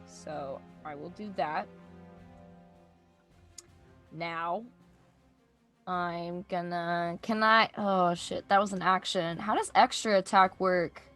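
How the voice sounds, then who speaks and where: A woman playing a tabletop game who thinks aloud in halting bits and swears casually. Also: lowish voice, steady tone, a bit bright, faint music behind. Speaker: player.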